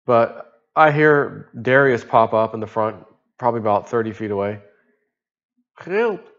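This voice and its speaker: A man's voice: lowish voice, moderate pace, fairly bright tone. Rambling man telling a story, lo-fi sound. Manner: rambling, chuckling, casual swearing. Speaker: vlogger. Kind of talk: casual storytelling monologue.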